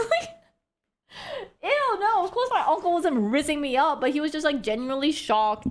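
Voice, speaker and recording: A woman's voice: high-pitched, animated, moderate pace. Giggly young woman chatting on stream. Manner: chatty, giggly, full of "like" fillers. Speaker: livestreamer. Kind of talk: casual stream chat.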